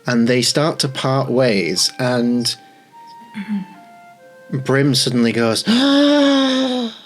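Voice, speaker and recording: British woman GM, low and expressive, slow-paced scene narration, soft music under. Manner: descriptive, unhurried storytelling. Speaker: game master. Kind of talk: narrating a tabletop game.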